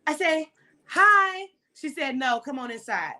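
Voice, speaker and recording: A woman host tells a story in a high, bright voice. She acts out every line of dialogue, swearing freely as she goes. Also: measured pace, rough recording. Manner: animated, profane, acts out dialogue. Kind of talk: casual storytelling chat.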